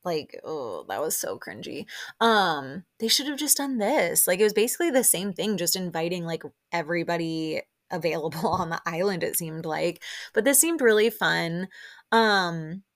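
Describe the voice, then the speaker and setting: A woman hosting a casual solo recap podcast, chatting excitedly with lots of "like" and side notes. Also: fairly low pitch, moderate pace. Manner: chatty, full of "like" and excited asides. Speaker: podcast host.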